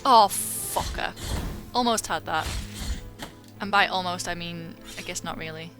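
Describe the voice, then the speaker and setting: With music in the background, a woman with a lowish voice talks at a moderate pace while playing a video game for her channel. Her casual let's-play commentary is chatty and self-mocking, and now and then she swears at the game.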